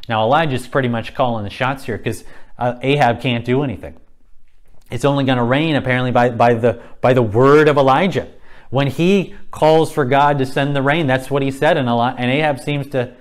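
Brief: man of middling pitch teaching a Bible story in a relaxed conversational tone. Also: normal speed. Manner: conversational, with casual asides. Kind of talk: retelling scripture as a story.

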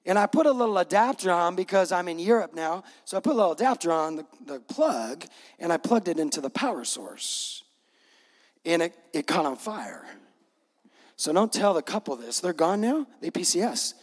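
A man's voice: high-pitched, normal speed, big-room sound. A man preaching a sermon, retelling scripture with playful acted-out voices and humor. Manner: animated storytelling with acted-out voices. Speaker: pastor.

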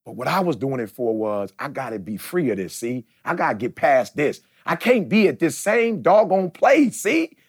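A man's voice: mid-range voice, very animated, moderate pace, hardly any pauses, husky. A man in his forties hosting a podcast, talking in an emphatic, preachy way and often asking "see?". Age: 40s. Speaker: podcast host. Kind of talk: casual podcast talk.

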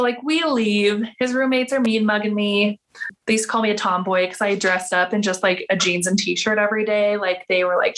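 A woman's voice: medium pitch, fairly bright tone. A woman in her thirties, a podcast guest, telling a personal story in a casual, chatty way, full of "like" fillers and acted-out quoted dialogue. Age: 30s.

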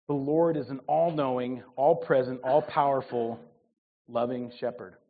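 A man in his forties preaching a sermon with humor, his voice swinging between loud and soft. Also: medium pitch, steady tone, a little slow. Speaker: pastor. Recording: tinny phone-like sound.

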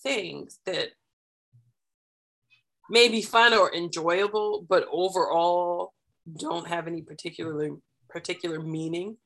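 Woman, podcast guest, low-pitched, measured advice, deliberate explaining, remote call. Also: steady tone, a bit bright. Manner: measured, deliberate, building points step by step. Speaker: podcast guest, parenting and self-care speaker.

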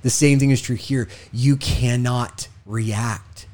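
Man, former negotiator, motivational talk, emphatic, repeats points, mid-pitched voice. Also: fairly even intonation, slow pace, a little mellow. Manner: emphatic and repetitive, with rising intensity in stories.

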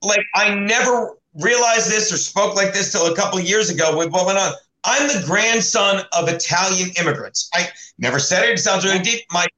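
Man, comedian host, high voice, bright tone, profane animated storyteller. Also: reverberant, rough recording. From South Jersey, United States. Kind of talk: casual podcast chat.

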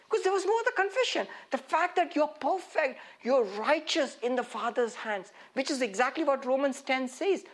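A woman preaching a sermon in an animated way, laughing often and acting out quoted speech. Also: high voice, normal speed, hardly any pauses. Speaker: pastor.

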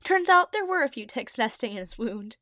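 A woman's voice: on the high side, very animated, a little fast, bright, forceful tone, no echo. A young woman reading her old fan story aloud with giggly, self-mocking asides. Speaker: podcast host reading her own old writing.

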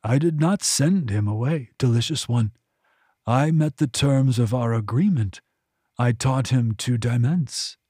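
A man's voice: medium pitch, a little slow, mellow, breathy edge, dry recording, studio quality. A man reading an audiobook, voicing a sly, mocking clawed male demon who strikes bargains.

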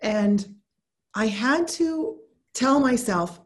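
A woman's voice: mid-range voice, normal speed. A middle-aged woman in casual conversation, telling a story and acting out her own thoughts in quoted lines.

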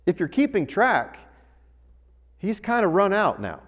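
A man preaching a sermon in a church, reading scripture and then speaking with wry, animated humor. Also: sits high, a little slow, long pauses. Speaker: pastor. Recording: long hall reverb.

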